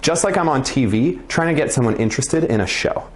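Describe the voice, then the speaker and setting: A man's voice: mid-range voice, lively intonation, fairly quick. A man teaching children to read with expression, in a playful and encouraging way. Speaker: reading teacher. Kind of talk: video reading lesson for children.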